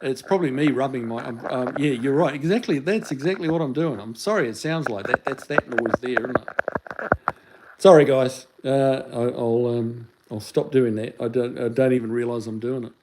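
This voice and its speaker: A man's voice: mid-range voice, normal speed, noisy background. A New Zealand man hosting a casual live stream, rambling along as he reads viewer comments aloud into a phone he holds in his hand. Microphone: phone held in hand.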